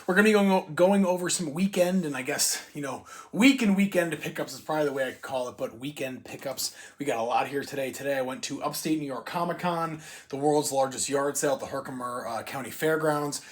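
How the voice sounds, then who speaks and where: A man's voice: fairly high pitch, a little fast. A man hosting a casual toy-collecting haul video, chatty and rambling, with lots of fillers. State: briefly out of breath. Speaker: toy collector channel host.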